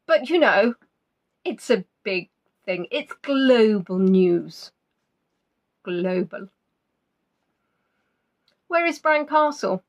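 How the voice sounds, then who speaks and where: Drawing out her words and pausing at length, an animated woman hosts a live online quiz. She chats with the players and teases them, giving their names and answers big swings in pitch.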